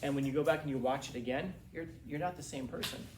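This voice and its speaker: A man in his forties, a teacher, lecturing a class in a rambling, animated way with many restarts. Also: on the high side, quick pace. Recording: roomy classroom from a distance, faint hiss.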